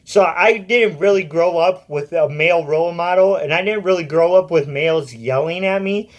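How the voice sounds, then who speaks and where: Young man in his twenties, slightly high voice, casual and blunt, swears freely. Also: normal speed, dull audio. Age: 20s. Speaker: vlogger. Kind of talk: casual personal storytelling.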